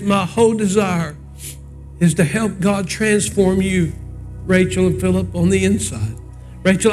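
A man's voice: sits high, a little mellow. A man in his sixties, a pastor, preaching a sermon in a folksy, conversational storytelling way and moving into prayer.

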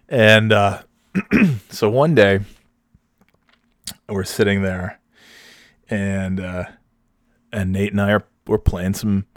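Low-voiced man telling a profane anecdote. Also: dry recording, studio quality. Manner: profane, laughing often, rambling restarts. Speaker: storyteller. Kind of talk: casual personal anecdote.

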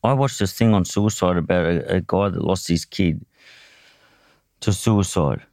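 A man's voice: low voice, a little slow, a little mellow, no room sound, clean studio sound. An Australian man telling his own story in a candid, blunt way, swearing often and restarting his sentences. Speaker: podcast guest, boxer.

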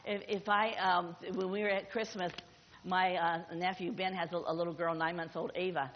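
A woman's voice: lowish voice, fairly even intonation, moderate pace. A middle-aged woman pastor preaching a sermon, emphatic and exhorting, often repeating her phrases. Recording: dull audio with long hall reverb.

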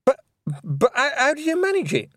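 A man putting on a fussy witch teacher with a high, fretful voice that flies up and down as she frets and questions. The reading is close and dry. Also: huge pitch swings, moderate pace, a bit bright, dry recording, full character voice.

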